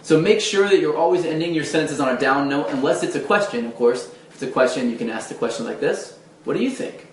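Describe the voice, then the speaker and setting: A man's voice: a little high, fast talker, few pauses, a little hiss or hum. A man coaching viewers on confident speech, talking earnestly with frequent restarts and fillers. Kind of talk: direct-to-camera advice talk. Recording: roomy echo, mic at a distance.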